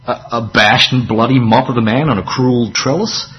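A man preaching with a wry, chatty delivery, leaning hard on key words and dropping into quieter asides. His voice sits at an ordinary male pitch. The recording sounds a little dull and lo-fi. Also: normal speed, a little hiss or hum. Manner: conversational, wry preaching with dramatic emphasis and asides. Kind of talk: sermon.

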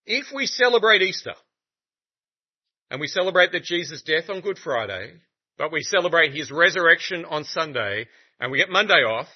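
Animated, joking male preacher. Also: a little high, moderate pace, breathy edge. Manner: animated, conversational and humorous. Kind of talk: sermon. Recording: muffled lo-fi recording.

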